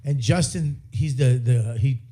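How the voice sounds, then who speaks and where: A man's voice: mid-range voice, unhurried. A man hosting a comedy podcast, telling stories with lots of laughter and bursts of silly put-on voices. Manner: animated storyteller, laughs often, jumps into silly put-on voices. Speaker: podcast host. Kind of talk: casual comedy banter.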